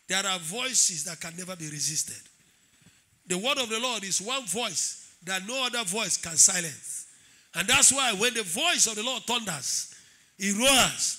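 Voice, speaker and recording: A man preaching a sermon as pastor, calling out to the congregation and building into shouted declarations. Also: sits high, animated, a little slow. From Nigeria. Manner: preaching with call-and-response, swelling into shouted declarations.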